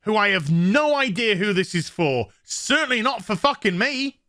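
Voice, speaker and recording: Male reviewer, bright edgy tone, furious sarcastic rant. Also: sits high, sing-song, moderate pace, no echo, studio quality. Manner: angry, sweary, sarcastic ranting. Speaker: YouTube reviewer. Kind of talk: ranting review vlog.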